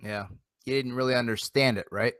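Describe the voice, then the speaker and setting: An energetic man hosting a casual live internet show, often doubling back over his words. His voice sits in a middle pitch and sounds dry and close to the mic. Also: fairly quick, dry recording. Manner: rambling, repeats phrases, energetic. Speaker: host. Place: home near Philadelphia.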